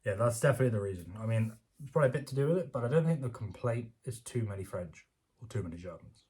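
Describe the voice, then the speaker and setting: A British man with a husky, phlegmy voice, rambling and sarcastic as he reads an article aloud and rants about it, laughing often. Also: medium pitch, animated, very fast, darkish tone. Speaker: commentator reading news aloud. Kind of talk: casual rant reacting to an article.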